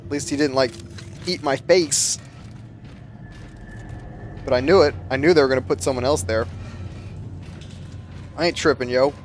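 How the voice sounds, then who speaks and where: A man's voice: mid-range voice, moderate pace, long pauses, soft background music. A man giving casual gameplay commentary in a rambling, easygoing, self-mocking way. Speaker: let's play commentator.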